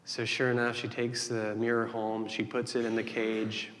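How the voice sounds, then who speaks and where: A man's voice: mid-range voice, completely flat delivery, moderate pace, fairly bright tone, a little hiss or hum. Male pastor, easygoing storyteller with restarts, preaching in a church hall with long reverb. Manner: folksy joke-telling, many restarts. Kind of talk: sermon.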